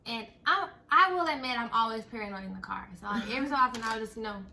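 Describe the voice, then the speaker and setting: A young woman telling a story in casual chat, animated and breaking into laughter as she retells it. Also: a little high, fast, creaky. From Texas. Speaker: storyteller host.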